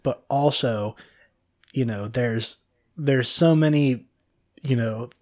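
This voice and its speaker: A man hosting a casual podcast in a studio, rambling through halting restarts, swearing freely and laughing often. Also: mid-range voice, darkish tone. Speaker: podcast co-host. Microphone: studio microphone.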